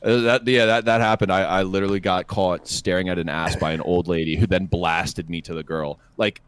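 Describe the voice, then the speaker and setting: A man's voice: sits low, fairly even intonation, brisk, clean tone. A young man co-hosting a podcast, telling a crude, profane story in a rambling way with stammers and restarts. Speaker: podcast co-host. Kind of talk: casual storytelling chat.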